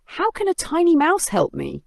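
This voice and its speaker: A proud, grumpy lion who growls his words and looks down on others, voiced by a storybook narrator. His voice has a gravelly grain. It is recorded close and dry. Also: medium pitch, big pitch swings, normal speed, no room sound, pitched above the performer's own voice. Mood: scornful. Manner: gruff, dismissive.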